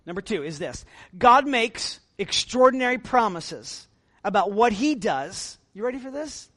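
A middle-aged man preaching a sermon as pastor, swinging between quiet, chatty asides and loud, emphatic lines, with self-deprecating humor. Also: sits high, very animated, measured pace, no echo.

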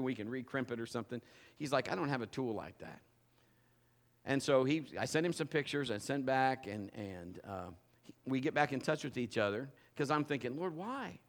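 A male pastor preaching to his congregation, telling a personal story in an animated way, with self-mocking humor and frequent restarts. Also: medium pitch, fairly quick. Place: church before a congregation.

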